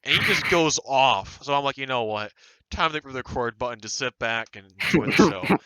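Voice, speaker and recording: A young man in his late teens telling stories in casual podcast chat, animated and laughing, acting out others' lines mockingly. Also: medium pitch, normal speed, a crowd in the background, rough recording. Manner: laughing, animated storytelling with mocking quoted voices.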